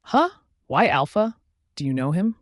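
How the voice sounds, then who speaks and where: Man doing a young woman assistant, slightly raised pitch, forced politeness, dry close sound. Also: sing-song, a little slow, dry recording. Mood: polite.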